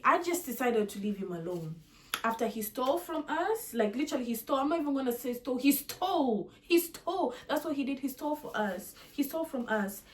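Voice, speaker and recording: A young woman, telling a storytime rant to her viewers in an indignant, repetitive way. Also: mid-range voice. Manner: indignant, repetitive, animated emphasis. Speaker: vlogger.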